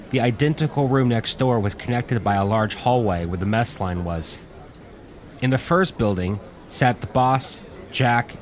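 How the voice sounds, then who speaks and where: A man reading a war story aloud in steady audiobook narration. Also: fairly low pitch.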